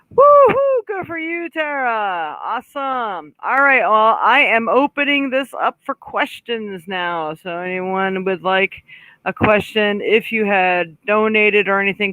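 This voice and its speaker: A woman's voice: mid-range voice, bright, forceful tone, no echo, poor audio. A woman psychic hosting a live stream, chatting casually with viewers and passing on messages she says come from spirit. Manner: frequent throat clearing and small laughs. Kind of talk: casual live-stream chat and card reading.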